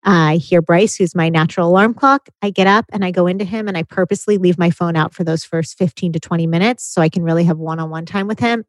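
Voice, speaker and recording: A woman in her thirties with a somewhat low voice talks earnestly and reflectively as a podcast co-host. The recording is close and dry, with no room sound. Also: no echo, low-quality recording. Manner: earnest, reflective, speaks of parenting. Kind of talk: casual podcast chat.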